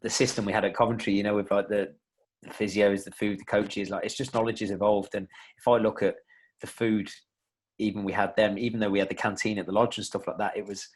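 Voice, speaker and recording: A man's voice: fairly low pitch, little pitch movement, fast, slightly rough. A young man, a podcast guest, chatting casually in a rambling way with many restarts and fillers. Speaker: podcast guest, fitness coach.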